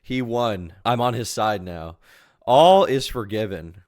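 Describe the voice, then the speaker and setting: A male streamer reacting live, loud and profane, who laughs a lot and repeats his punchlines. His pitch bounces all over the place. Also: expressive, slow, no room sound, studio quality. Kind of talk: casual live reaction chat.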